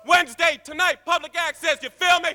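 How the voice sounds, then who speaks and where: A man's voice: extremely high pitch, fairly even intonation, fairly quick. A man giving a brash, swaggering public comment at a city council meeting, speaking at a podium microphone in the council chamber. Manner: brash, swaggering street-style delivery, rising to shouts.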